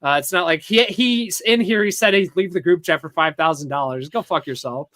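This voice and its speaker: A man's voice: high-pitched, brisk, pushed and bright, no room sound, clean studio sound. A man hosting a podcast, chatting casually and mockingly while reading chat messages aloud and laughing. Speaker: podcast host.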